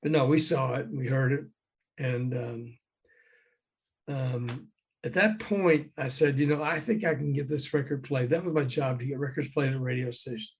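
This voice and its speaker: A man's voice: mid-range voice, normal speed, husky. An older man, a former record promoter, tells anecdotes as a guest in a conversation over a call. He acts out the voices of the people he quotes and chuckles often. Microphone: remote call.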